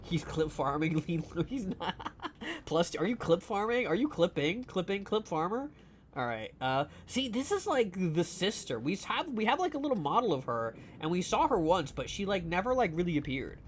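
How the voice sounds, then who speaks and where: A man's voice: high voice, very animated, normal speed, slight background noise. A man streaming a game live, chatting casually in a rambling, profane, teasing way full of fillers. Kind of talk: casual live gameplay chat.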